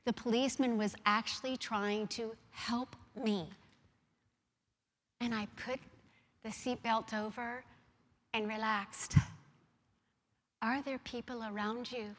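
Woman preacher, high voice, hushed then loud, animated sermon, echoing church hall. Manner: swings from hushed near-whispers to loud animated storytelling. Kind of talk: sermon with personal story. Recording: long reverb of a large hall.

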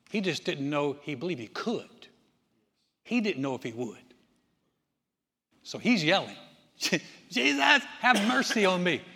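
Lively preacher guy, bright tense voice, big hall echo. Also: a little high, breathy edge. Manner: animated, acts out voices with shouts. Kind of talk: sermon. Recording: echoey hall.

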